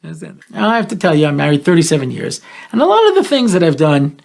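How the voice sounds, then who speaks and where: A man in his sixties hosting a talk show, telling jokes and stories with deadpan punchlines. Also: fairly high pitch, fast talker, gravelly. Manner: joking, deadpan punchlines, playful storytelling. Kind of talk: comedic talk show monologue.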